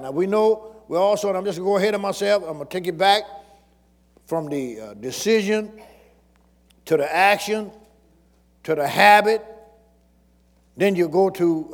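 High-voiced preacher in a reverberant hall. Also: male voice. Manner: preaching, calls to the congregation and repeats phrases. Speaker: pastor. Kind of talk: sermon.

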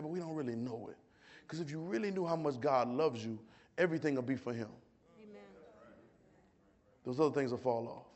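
High-voiced impassioned male preacher. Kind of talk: sermon with call-and-response. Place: church service.

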